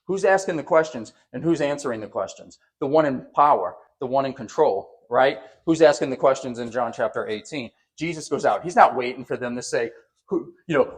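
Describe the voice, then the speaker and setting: A man preaching a sermon as pastor, animated, acting out quotes with a raised voice and often repeating words. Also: medium pitch, fairly quick.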